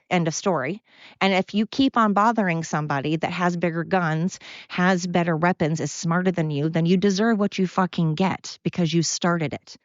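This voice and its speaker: A woman with a lowish voice and no echo hosts a solo podcast while walking around outdoors. She delivers a casual opinion rant that is blunt, profane, heated, and repetitive. The recording sounds dull, lo-fi, and dry.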